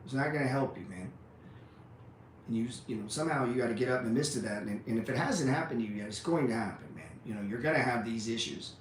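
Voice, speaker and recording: A man's voice: mid-range voice, fast. A man hosting a trading show, giving an unscripted motivational talk. He swears freely, speaks bluntly and keeps ending sentences with "man.". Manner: profane, blunt, repeats "man" a lot. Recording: roomy echo with faint ambient noise.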